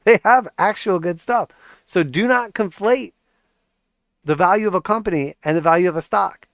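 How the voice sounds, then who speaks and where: A man's voice: sits high, moderate pace, fairly bright tone, no room sound, clean studio sound. A man hosting a livestream about markets, ranting sarcastically and swearing, often laughing. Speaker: livestream host and market analyst.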